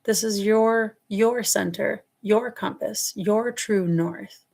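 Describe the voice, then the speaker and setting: A woman's voice: mid-range voice, slow pace, creaky, a little mellow. A woman with a New York accent giving a casual live tarot reading, rambling affectionately and calling her viewers loves and darling. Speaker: tarot reader. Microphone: webcam or phone on a livestream.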